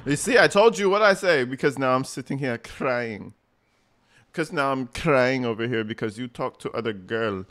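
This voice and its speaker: A man mocking a whiny, self-pitying heartbroken young woman, with a loud, exaggerated whine. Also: medium pitch, expressive, moderate pace, lightly acted. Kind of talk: mocking impression in commentary.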